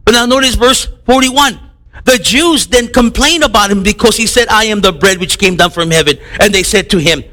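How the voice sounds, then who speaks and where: A man's voice: sits high, moderate pace, sharp tone. A middle-aged man from the United States preaching a sermon, acting out the voices of people in his stories. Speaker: pastor.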